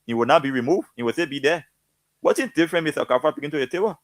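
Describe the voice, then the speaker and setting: A man's voice: a little high, lively intonation, rapid-fire, no room sound. A man speaking as a guest, fervent and preachy, stirred up and emotional. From Liberia. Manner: fervent, preachy, repeats himself. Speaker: guest commentator. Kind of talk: impassioned political talk.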